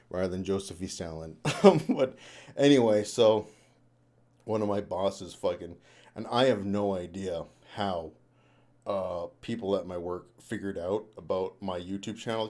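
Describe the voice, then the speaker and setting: A young man with a low, mellow voice chats loosely on a live stream. He rambles, swears freely and laughs between thoughts. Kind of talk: casual live-stream chat. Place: home room.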